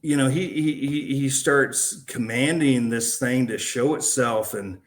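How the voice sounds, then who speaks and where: Man, podcast guest, casual slangy storytelling, mid-pitched voice. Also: a little slow. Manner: casual and slangy, calling the host man and dude. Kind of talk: recounting a personal story in a podcast interview.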